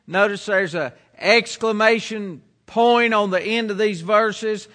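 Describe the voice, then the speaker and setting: A man's voice: high-pitched, slow pace, hardly any pauses, sharp tone. A middle-aged preacher from the United States delivering a sermon in an earnest, emphatic way, repeating his points.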